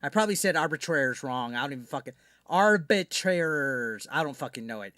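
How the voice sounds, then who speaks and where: A man's voice: medium pitch, expressive, rapid-fire, bright, forceful tone, no echo. A man streaming live, ranting to his chat in a brash, profane, mocking way.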